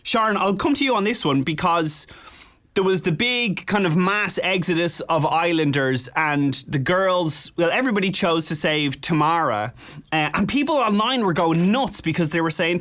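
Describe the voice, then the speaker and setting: A man hosting a reality-show recap, quick, jokey and teasing with his guests. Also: sits high, expressive, fairly bright tone. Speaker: host.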